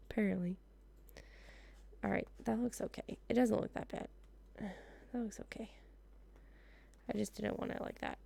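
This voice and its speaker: A woman's voice: mid-range voice, fairly even intonation, measured pace, vocal fry, pauses often, darkish tone, dry recording. A woman in her thirties from the United States, chatting casually in her living room as she decorates a planner, laughing often and muttering to herself. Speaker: planner vlogger. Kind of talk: casual plan-with-me chat.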